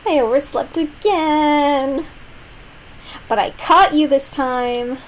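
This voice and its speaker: A woman voicing a bubbly, carefree teenage schoolgirl while reading game dialogue aloud, with a high, drawn-out, sing-song delivery. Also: slight background noise, low-quality recording. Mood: whiny.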